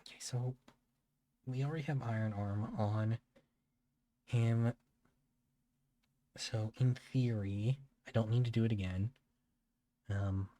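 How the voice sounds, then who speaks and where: Low-voiced laid-back male streamer. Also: dark tone. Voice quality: laid-back, halting with many fillers. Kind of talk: casual gameplay commentary.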